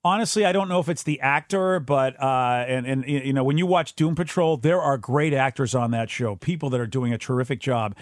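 This podcast co-host talks in a loose, rambling chat, piling up fillers and starting sentences over. He has a medium pitch and a brisk delivery with few pauses. The recording is clean studio audio without echo.

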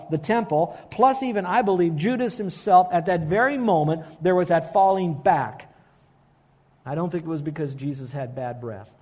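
A man preaching a sermon, earnest and emphatic, slowing down to stress key phrases. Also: fairly high pitch, warm tone. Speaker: pastor.

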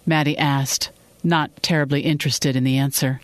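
A narrator reading a fiction episode in calm, steady storytelling. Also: medium pitch, normal speed, no room sound.

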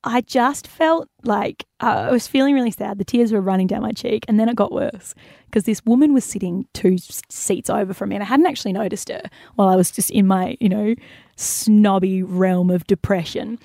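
A woman's voice: mid-range voice, normal speed, gravelly, dark tone, no echo, studio quality. A young woman hosting a radio show, telling stories in a chatty, casual way. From Australia. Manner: chatty storytelling with laughs. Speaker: radio host.

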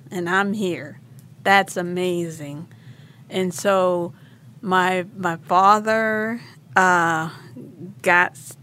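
A woman's voice: mid-range voice, slight background noise. Emotional woman telling her own story. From born in Vietnam, raised in New Orleans. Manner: emotional, animated retelling with laughs and restarts. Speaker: interviewee. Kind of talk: personal storytelling.

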